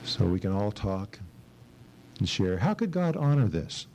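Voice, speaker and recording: A man's voice: fairly low pitch, very animated, unhurried, a little mellow, a little hiss or hum, rough recording. A middle-aged male pastor preaching an expository sermon at a church service, reading scripture dramatically and asking his class questions.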